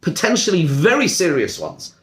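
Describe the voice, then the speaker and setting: A man's voice: fairly high pitch, huge pitch swings, moderate pace, a bit bright. A middle-aged man, a rabbi, giving a discussion-style lecture to a class, emphatic and repeating words as he thinks. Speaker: rabbi teaching a seminar class.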